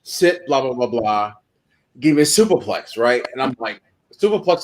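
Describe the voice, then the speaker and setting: A man, at an average pitch for a man, spins profane, animated tales as a wrestling guest on a podcast. His shoot-interview storytelling runs loose and full of swearing. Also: normal speed, slight background noise, poor audio.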